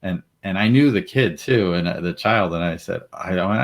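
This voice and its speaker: Deep-voiced man telling a story with laughs. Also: a little fast, few pauses. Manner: animated, laughs often, acts out quoted voices. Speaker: panel guest. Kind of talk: casual storytelling.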